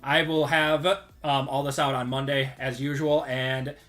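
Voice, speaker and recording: A man's voice: mid-range voice, little pitch movement, a little slow, fairly bright tone. A man hosting a live sports card break stream, upbeat and rattling off long lists of pulled cards.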